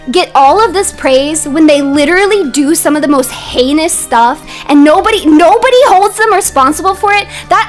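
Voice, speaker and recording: Young female streamer, very high-pitched, heated casual rant, faint music bed. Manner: heated, ranting, rising to shouts. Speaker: vtuber streamer.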